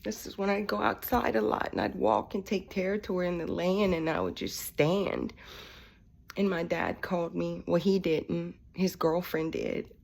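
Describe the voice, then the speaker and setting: A middle-aged woman preacher giving a fervent, rambling spiritual testimony that sometimes drops to a hush. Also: fairly low pitch, animated, moderate pace, gravelly.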